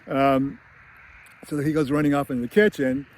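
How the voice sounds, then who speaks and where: At a moderate pace and with a flat delivery, a man with a medium-pitched voice casually recounts a film scene as a screenwriting commentator. He chats along with plenty of fillers and frequent laughter.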